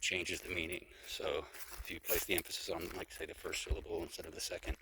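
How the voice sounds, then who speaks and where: A man's voice: deep voice, level tone, quick pace, sharp tone. A young man rambling casually as he hikes down a mountain trail, talking to the camera with many fillers and restarts. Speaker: travel vlogger. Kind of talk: casual vlog narration while hiking. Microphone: handheld camera. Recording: noisy outdoor camera audio.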